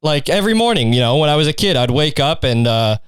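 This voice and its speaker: A man's voice: a little high, big pitch swings, fast, clear, resonant tone, dry recording, clean studio sound. A young man hosting a solo comedy podcast, rambling through a crude, insult-heavy rant. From Canada. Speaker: podcast host.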